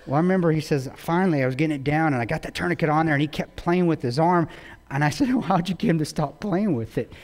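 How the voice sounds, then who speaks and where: A man's voice: on the high side, quick pace, darkish tone. A man giving a public talk, retelling a story intensely with quoted dialogue. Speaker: guest speaker. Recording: long reverb of a large hall.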